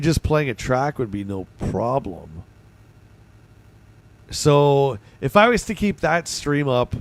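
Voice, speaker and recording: A man hosting a livestream in casual chat, his voice hoarse and gravelly, bantering excitably with his viewers. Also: lowish voice. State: hoarse, voice going. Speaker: livestream host.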